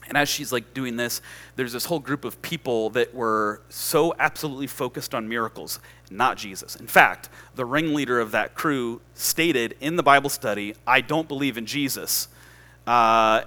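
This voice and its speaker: Guy preaching, bright edgy voice, chatty storytelling that climbs to loud emphatic bits. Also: mid-range voice. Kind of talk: sermon.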